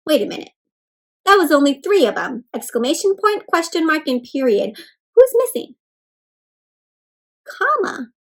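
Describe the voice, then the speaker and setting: A woman reading a picture book aloud to children in an animated, teacherly way, asking them to point and say words along with her. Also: high-pitched, a little slow. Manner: animated, teacherly, prompting kids to join in. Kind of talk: interactive read-aloud for kids.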